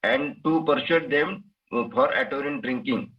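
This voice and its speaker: A man's voice: mid-range voice, moderate pace. An Indian man in the audience puts a question to the speaker, hesitating often between words. He sounds far from the microphone, and the sound is dull and muffled. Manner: hesitant, many "uh"s. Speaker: audience member asking a question.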